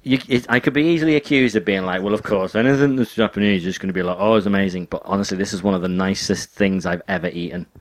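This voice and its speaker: Low-voiced chatty English man. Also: fast talker, hardly any pauses, no room sound. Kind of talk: casual chat.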